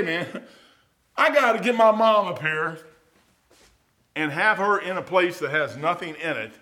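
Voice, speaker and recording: A middle-aged man preaching a sermon in a folksy, conversational way, with sudden loud outbursts. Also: high voice. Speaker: pastor.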